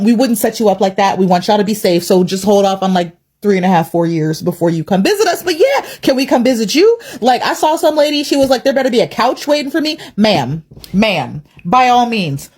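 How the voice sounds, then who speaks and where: A woman's voice: mid-range voice, fairly quick, husky. A woman talking casually and animatedly in a TikTok reaction monologue. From United States. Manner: animated, chatty, slangy. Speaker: TikTok creator.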